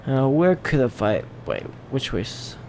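A man live-streams a survival game, talking to himself, swearing and yelping at the action on screen in an excitable way, laughing along. His voice is medium-pitched and a little slow, with slight background noise.

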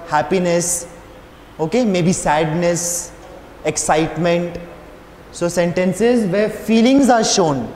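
A man's voice: high-pitched, darkish tone. A male schoolteacher, giving a patient classroom lesson in front of a board and checking if the class understands. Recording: roomy echo with long reverb, faint hiss.

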